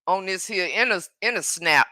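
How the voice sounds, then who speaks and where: A woman with a drawl speaks straight into her phone from home. Her voice is bright and forceful, and the sound is dry and close. She is emphatic and repeats her points, often answering viewers' comments. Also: mid-range voice, normal speed, no echo. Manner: emphatic, repeats herself, talks back to commenters. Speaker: live streamer. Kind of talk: casual live-stream chat. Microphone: phone livestream.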